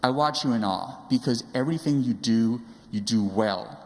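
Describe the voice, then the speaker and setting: A man's voice: medium pitch, darkish tone. A man in his forties, a father telling fond stories about his daughter, with hesitant fillers along the way. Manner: halting, with fillers, fond storytelling. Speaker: parent giving a speech. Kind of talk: personal storytelling speech. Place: large sanctuary. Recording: long reverb of a large hall.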